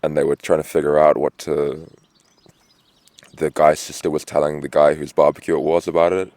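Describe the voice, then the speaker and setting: A man's voice: extremely low pitch, level tone, normal speed, darkish tone, dry recording. A tired, dehydrated man rambling outdoors at a roadside camp, full of fillers and swearing. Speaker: vlogger on a long walk. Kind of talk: rambling casual monologue.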